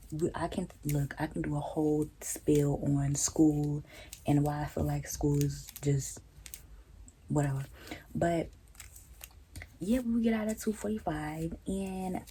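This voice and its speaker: Low, mellow-voiced woman ranting casually. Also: a little hiss or hum, poor audio. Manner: blunt, profane, animated, rising to high incredulous tones. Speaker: vlogger. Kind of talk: casual storytelling rant.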